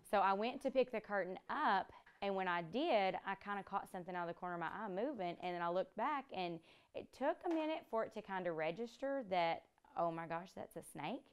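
Smooth-voiced woman telling a story. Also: medium pitch, fairly quick. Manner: animated storytelling, acts out quotes. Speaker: first grade teacher. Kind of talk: interview recollection.

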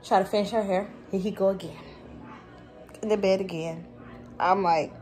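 A woman talks to her viewers at home in a casual vlog. She tells her stories in an animated, expressive way and keeps calling her audience y'all. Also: mid-range voice, a little fast, long pauses, soft background music. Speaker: vlogger, mother of two.

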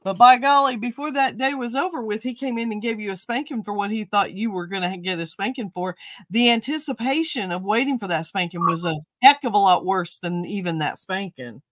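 A middle-aged woman hosts a casual crafting show and trades family stories in a chatty, folksy way. Her voice sits at an everyday middle pitch. It is recorded close and dry, with no room sound. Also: brisk, fairly bright tone, no room sound. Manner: chatty, storytelling, folksy turns of phrase. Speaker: host.

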